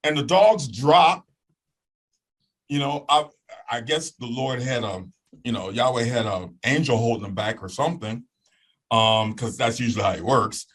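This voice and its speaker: A man telling a personal story as a guest in an animated way. He acts out voices and sounds and keeps checking in with "okay?". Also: medium pitch, normal speed, low-quality recording.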